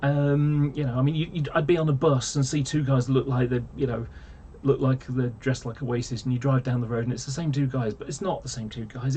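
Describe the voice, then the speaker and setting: A man's voice: medium pitch, mellow, a little hiss or hum. A man ranting casually to camera, rambling and exasperated, full of fillers and restarts. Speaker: vlogger.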